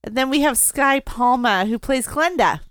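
A woman's voice: sits high, lively intonation, moderate pace, fairly bright tone, smooth, dry recording. A woman co-hosting a podcast, reading out movie credits in casual chat and giggling now and then. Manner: reads film facts, giggles. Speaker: podcast co-host.

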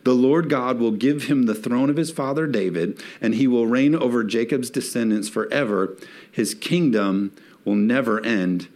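A man's voice: medium pitch, moderate pace, darkish tone. A man preaching a sermon in a church, reading scripture and rising to emphatic peaks as he calls on the congregation to respond. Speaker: pastor.

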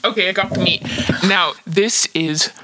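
Bossy deadpan co-host with a bright voice. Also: medium pitch, normal speed, low-quality recording. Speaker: co-host of a mock cooking show. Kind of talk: improvised comedy banter.

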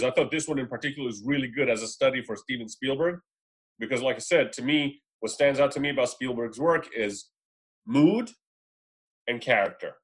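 A man's voice: medium pitch, a bit bright. A man in a casual podcast chat, giving rambling, opinionated takes on movies. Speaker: podcast panelist. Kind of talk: casual film discussion.

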